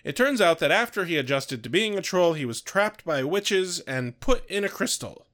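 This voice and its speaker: A man's voice: sits high, animated, fairly bright tone. A man co-hosting a casual podcast, recapping a TV episode with wry puns. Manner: wry, punning, unhurried. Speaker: podcast co-host.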